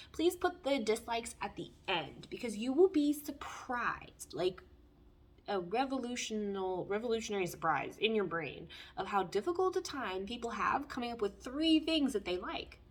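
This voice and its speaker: A woman reads tarot in a loose, chatty way, speaking frankly and from the heart. Her voice sits a little high. She talks bluntly and does not soften her opinions. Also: expressive, unhurried. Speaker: tarot reader. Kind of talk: casual spoken tarot reading.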